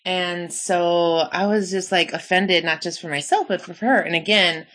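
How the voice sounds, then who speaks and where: A young woman in casual chat, telling animated stories with lots of "like" fillers. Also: on the low side, moderate pace. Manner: animated storyteller, frequent "like" fillers.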